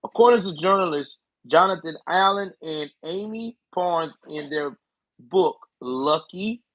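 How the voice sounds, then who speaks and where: A man's voice: sits high, unhurried, fairly bright tone, no echo, low-quality recording. A man hosting a livestream of political commentary, talking casually with sarcasm and profanity.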